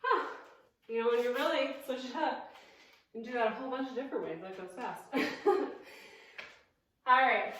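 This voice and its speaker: A woman's voice: a little high, normal speed, pauses often, a bit bright, very echoey, far from the mic, a little hiss or hum, poor audio. A woman instructing a cardio workout, counting reps and cueing moves, out of breath, with upbeat coaching and self-deprecating asides. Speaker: fitness instructor.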